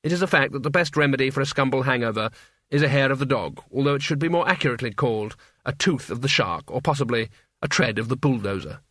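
A man narrating a story aloud in an expressive, wry reading. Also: medium pitch, fast talker, no room sound, clean studio sound. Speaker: audiobook reader. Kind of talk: scripted narration.

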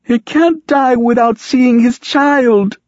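A man voicing a headstrong young pregnant woman, pushing his voice high and shrill as she pleads and wails in grief. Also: slow, a little mellow, dry recording. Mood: wailing. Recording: dry, dull muffled audiobook recording.

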